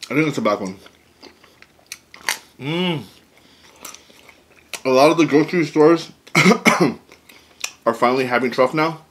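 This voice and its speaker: A man hosting a mukbang, chatting excitedly to viewers while eating. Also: medium pitch, unhurried, pauses often, a little hiss or hum. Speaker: mukbang host. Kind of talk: casual eating vlog.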